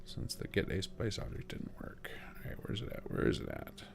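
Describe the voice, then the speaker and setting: A man who streams his game modding, casually thinking aloud in rapid bursts and making joking asides. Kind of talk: live commentary while modding.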